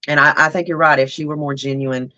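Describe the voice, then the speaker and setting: A woman with a Southern US accent chatting on a livestream, effusive and expressive, laughing often. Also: low voice, quick pace, no echo, lo-fi sound. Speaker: livestream guest. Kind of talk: casual livestream chat.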